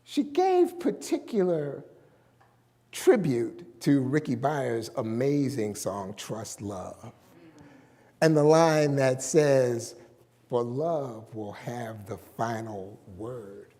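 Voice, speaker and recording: A man preaching a sermon as pastor, slowly and emphatically, stretching out key words. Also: mid-range voice, very animated, warm tone, big-room sound.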